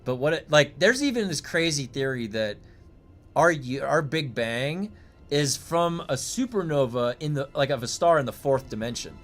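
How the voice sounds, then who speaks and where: A man's voice: fairly high pitch, lively intonation, moderate pace, faint music behind. A man who streams games muses aloud in a rambling, curious way and swears now and then, talking into a desk mic. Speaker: game streamer. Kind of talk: casual livestream musing.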